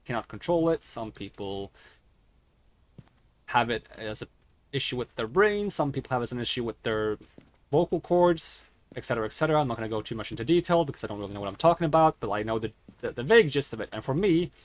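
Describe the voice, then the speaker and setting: A man's voice: medium pitch, expressive, fast talker. Stuttering man rambling on a stream. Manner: stuttering, self-correcting, rambling. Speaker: game streamer. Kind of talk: casual gaming stream talk. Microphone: headset.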